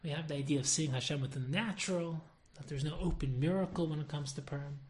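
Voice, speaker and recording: A woman with a deep voice gives a religious lesson, opening with stories. She tells them in an animated way and chuckles at her own jokes. Her talk moves between lively and soft and thoughtful. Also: quick pace. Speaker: Torah teacher. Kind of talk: storytelling lesson.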